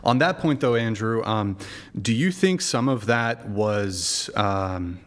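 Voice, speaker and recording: A man's voice: fairly low pitch, slow pace. A man hosting a livestream, chatting casually and thanking donors. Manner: casual, reads out donations. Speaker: stream host.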